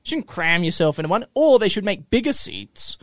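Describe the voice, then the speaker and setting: A man co-hosting a laid-back chat show, pitched a little high, with a voice that swoops up and down a lot. He often hesitates and thinks aloud, and the recording is close and dry. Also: sing-song, a little fast, fairly bright tone, no room sound. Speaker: podcast co-host. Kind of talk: casual chat.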